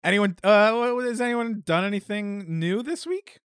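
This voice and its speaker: A man's voice: sits high, fairly bright tone, smooth, no echo, clean studio sound. A man co-hosting a casual podcast, teasing the others and steering the chat. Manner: teasing, quick, steers the conversation. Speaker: podcast co-host.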